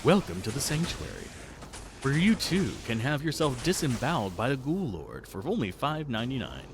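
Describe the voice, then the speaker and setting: A man doing a joking Southern-twang sales pitch as a macabre carnival barker. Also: sing-song, normal speed, noisy background. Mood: mock-salesy. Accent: put-on American Southern twang. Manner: mock sales-pitch delivery.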